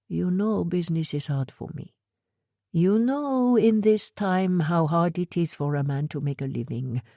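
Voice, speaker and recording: A brisk, worried middle-aged shop owner, as a woman narrator puts him on, talking in quick clipped bursts with a heavy accent. The voice sits low and level in an audiobook read, recorded close and dry with no room sound. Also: expressive, warm tone, no echo. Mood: brisk concern. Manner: heavy accent, stilted phrasing. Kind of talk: audiobook character voice.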